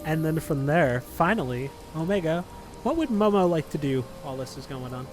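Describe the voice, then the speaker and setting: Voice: mid-range voice, lively intonation, normal speed, darkish tone, soft background music. A game master narrating a tabletop game, who laughs often and stumbles over words.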